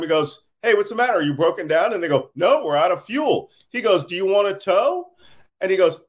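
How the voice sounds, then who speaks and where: Tired man guest, mid pitch, animated talker who laughs mid-story, remote call. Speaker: interview guest, security analyst. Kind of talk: casual interview talk.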